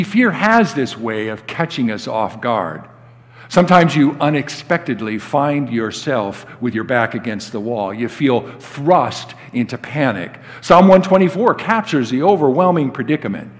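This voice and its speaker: A man's voice: medium pitch, expressive, a little slow. An older man preaching a sermon as a guest pastor, telling stories and acting out the quoted lines with rising emphasis. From United States. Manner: storytelling, acts out quoted dialogue with rising emphasis. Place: church sanctuary. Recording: long hall reverb.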